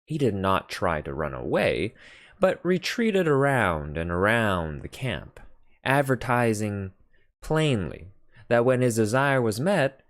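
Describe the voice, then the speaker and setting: This deep-voiced man reads a classic novel slowly, working as an audiobook narrator. He's very animated, letting his pitch swing broadly for dramatic effect while staying measured. The sound is dry and close-miked, with no room sound at all.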